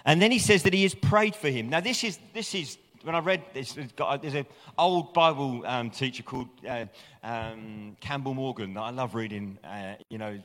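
A man's voice: mid-range voice, normal speed, a bit bright. Chatty male preacher in a reverberant hall. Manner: conversational, self-deprecating, chuckles at himself, restarts often. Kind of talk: sermon.

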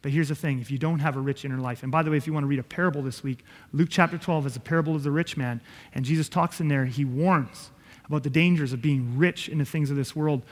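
A man's voice: fairly high pitch, in a large hall. A man preaching a sermon as pastor, earnest and conversational, with self-deprecating asides.

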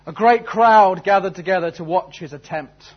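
A man's voice: sits high, moderate pace, highs cut off. A man preaching a sermon, telling a story and then asking earnest, searching questions. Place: church service.

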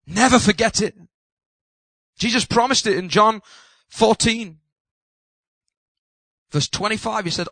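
A man, a pastor, preaching an impassioned sermon that builds to loud emphatic peaks and slows on key words. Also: on the high side, no echo.

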